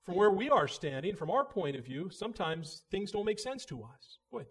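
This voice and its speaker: A man's voice: high voice, very animated, moderate pace, slightly rough. A man preaching a sermon in an earnest manner, building emphasis as he goes. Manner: earnest, with frequent restarts and rising emphasis.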